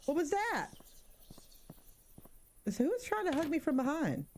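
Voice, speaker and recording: A woman's voice: high voice, a little slow, long pauses, a little hiss or hum. A woman in her thirties doing casual let's-play commentary, joking around and spooking easily. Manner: animated, jokey, easily spooked. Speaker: gaming streamer.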